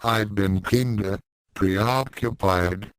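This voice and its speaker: A man's voice: fairly low pitch, slow, smooth, no room sound. A man reading a story aloud, voicing a nervous teenage boy who hesitates and stammers.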